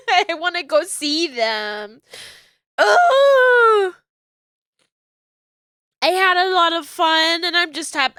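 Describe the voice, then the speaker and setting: A woman's voice: sits high, bright, forceful tone, no room sound, studio quality. A young woman streamer chatting casually and swearing freely as she rambles. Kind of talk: casual livestream chat.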